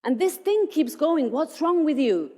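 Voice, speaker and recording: A woman's voice: high-pitched, big pitch swings, unhurried, darkish tone, voice pushed up. Woman voicing a self-doubting male athlete. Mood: anxious. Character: discouraged male top athlete doubting himself.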